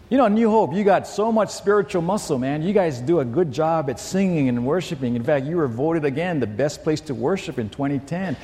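A man's voice: sits high, long reverb tail, slight background noise. A man preaching a sermon to a congregation, telling a story and acting out the quoted lines. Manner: storytelling, acts out quotes and shouts. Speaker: pastor.

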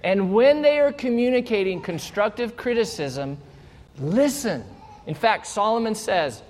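A man preaching a sermon as pastor, calm and teacherly, leading his congregation to read verses aloud. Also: high voice, a little slow. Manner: calm, teacherly, leads the crowd in reading aloud. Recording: long hall reverb.

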